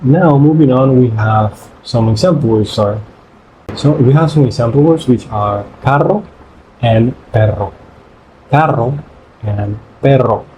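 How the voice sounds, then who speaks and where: A man whose first language is Spanish, teaching pronunciation in English by repeating syllables in slow drills. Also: medium pitch, noisy background. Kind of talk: pronunciation lesson.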